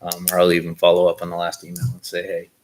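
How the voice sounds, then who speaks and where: A man's voice: low-pitched, completely flat delivery, racing, a little hiss or hum, poor audio. A man reporting budget items at a school board meeting in a plain, businesslike way, with fillers. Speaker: school district official.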